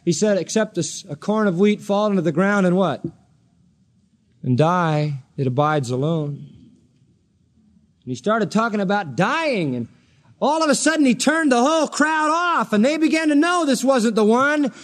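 A man with a high, bright-toned voice preaches a sermon. He acts out the people he quotes, swinging his pitch up and down for drama. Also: lively intonation, a little slow. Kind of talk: expository sermon.

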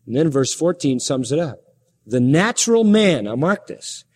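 A man preaching a sermon with emphasis, firing rhetorical questions and shifting his pace from slow to quick. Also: a little high, big pitch swings, a little mellow, long reverb tail.

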